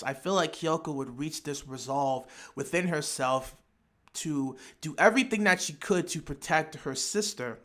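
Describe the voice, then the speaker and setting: A man with a somewhat high, expressive, fairly bright voice walks through an anime fan theory at a moderate pace. It's casual, speculative analysis, spun imaginatively as he thinks out loud with frequent restarts and repeated words.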